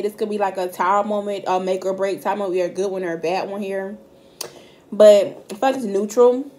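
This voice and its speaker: A woman's voice: medium pitch, darkish tone, slight background noise. Blunt, foul-mouthed woman tarot reader. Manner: blunt and profane, addressing viewers directly. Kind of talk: casual direct-to-camera tarot reading. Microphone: camera mic.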